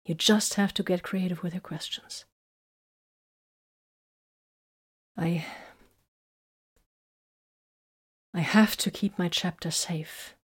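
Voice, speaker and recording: A woman's voice: fairly low pitch, fairly even intonation, moderate pace, husky. A woman voicing a bitter, hurt young woman warrior in an audiobook, speaking in an emotional, confessional way. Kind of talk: audiobook character reading.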